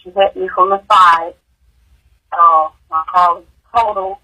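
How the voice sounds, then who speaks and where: A woman, a grieving mother, giving emotional personal testimony in an interview, halting and repeating words, her voice rising high in distress. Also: steady tone, pushed and bright, husky, poor audio.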